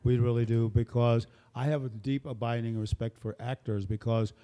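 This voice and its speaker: A man's voice: mid-range voice, steady tone, moderate pace, clear, resonant tone, muffled recording. An older man leading a band, introducing his musicians with rambling, joking stage banter into a microphone at a small venue. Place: small performance space, live audience.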